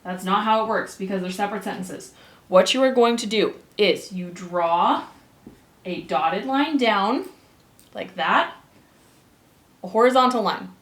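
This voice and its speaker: A woman teaching a grammar lesson with upbeat, animated energy and quick bursts of excitement. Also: medium pitch. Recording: echoey room.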